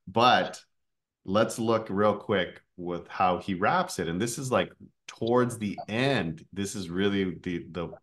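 Man, speaker coach, deep voice, casual explanatory tone, online session. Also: a bit bright. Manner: casual and explanatory, with filler words.

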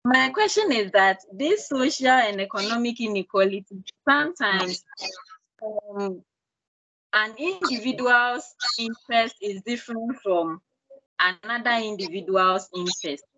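A woman's voice: on the high side, expressive, measured pace, bright, forceful tone, no echo. A woman student politely asking a question on a call from a phone. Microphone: phone on a video call. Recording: dry lo-fi phone audio.

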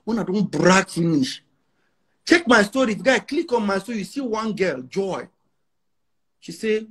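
A man's voice: high-pitched, animated, normal speed, long pauses, breathy edge. A man around forty with a Nigerian Pidgin English accent, a musician talking brashly and emphatically in a casual interview, repeating lines for effect. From Nigeria, Igbo. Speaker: musician guest.

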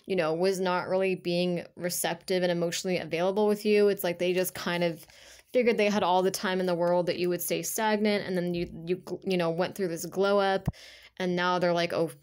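A woman's voice: fairly low pitch, fairly even intonation, brisk, a little mellow, smooth. A woman giving a casual tarot reading in a chatty, rambling way, full of filler words. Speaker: tarot reader.

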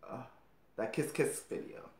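Giggly man reacting, echoey room. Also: a little slow. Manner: giggly, gushing, frequent laughter; kept low to stay quiet. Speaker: reaction video host. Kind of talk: casual reaction commentary.

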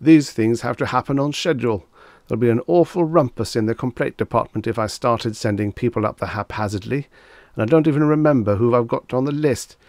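A man's voice: medium pitch, fairly quick, darkish tone, no echo, studio quality, voice pushed up, close to an everyday voice. A man voicing a flustered, tipsy male figure of Death who wails and frets. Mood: fretful. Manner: anxious, wailing complaints.

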